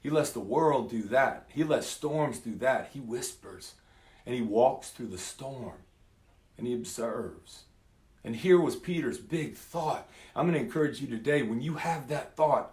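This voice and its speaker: Man preacher, casual sermon, folksy storyteller, middle pitch, roomy sound. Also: a little slow. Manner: lively storytelling, acts out voices in quotes; folksy, says "man" and "y'all". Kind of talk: casual sermon with scripture reading.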